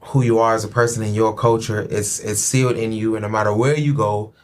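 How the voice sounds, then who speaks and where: A man from Chicago with a Chicago American accent, hosting a casual podcast chat, animated and joking. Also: lowish voice, a little fast. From Chicago, USA. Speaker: podcast host.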